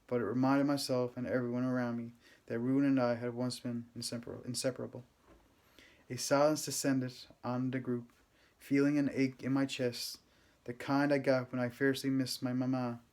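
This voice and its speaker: A man reading a first-person novel aloud, with steady, gentle, unhurried storytelling. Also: mid-range voice. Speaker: audiobook reader.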